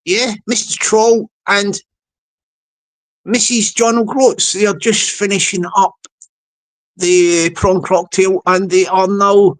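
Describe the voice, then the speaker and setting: A man's voice: high-pitched, level tone, takes it slowly. A man telling a mocking comic story to his viewers, acting out the people in it and often repeating himself. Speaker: channel host.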